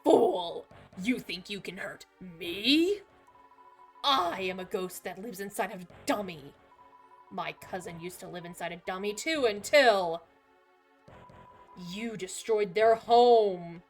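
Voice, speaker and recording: A woman voicing a furious ghost that lives inside a training dummy, reading game dialogue aloud in a ranting, theatrical way. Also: mid-range voice. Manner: ranting, theatrical, shouting insults.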